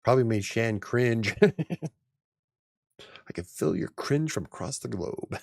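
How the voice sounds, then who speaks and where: A man's voice: mid-range voice, lively intonation, a little slow, gravelly, a little mellow, no echo, studio quality. A man in his forties hosting a casual live stream, rambling and chuckling often. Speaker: channel host.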